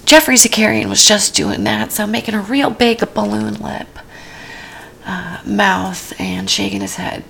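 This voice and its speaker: A woman's voice: medium pitch, expressive, measured pace, vocal fry, a bit bright, slight background noise. A woman podcast host giving comedic commentary on a cooking show, with dry, rambling asides that often drop to a whisper.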